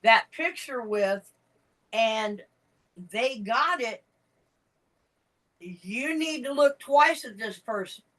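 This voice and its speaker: A woman's voice: on the high side, lively intonation, slow pace, long pauses, fairly bright tone, recorded from a distance, poor audio. A woman in casual conversation, telling stories frankly and emphatically. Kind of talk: casual chat. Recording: voice set back from the mic.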